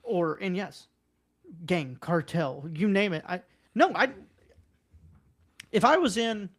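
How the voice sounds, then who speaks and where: A man co-hosting a casual podcast, talking bluntly and conversationally, jumping up in pitch when he quotes others. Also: sing-song, slow. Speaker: podcast co-host. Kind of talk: casual political podcast chat.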